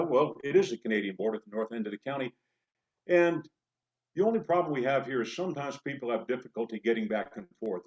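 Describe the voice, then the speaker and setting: A man from the Pacific Northwest of the United States, a folk singer telling joking stories between songs on a live stream. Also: medium pitch. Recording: dull lo-fi stream with guitar. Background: acoustic guitar.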